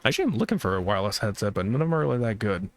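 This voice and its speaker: A man's voice: lowish voice, sing-song, very fast, dry recording. A man co-hosting a live stream, chatting casually about games, rambling and swearing freely while he talks to the chat.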